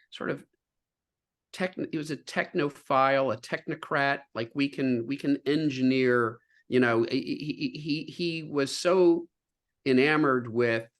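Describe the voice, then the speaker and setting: An earnest man explains science in an interview over a video call. He talks at a middling pitch for a man and often stops on fillers and restarts while finding his words. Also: fairly bright tone. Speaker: guest scientist.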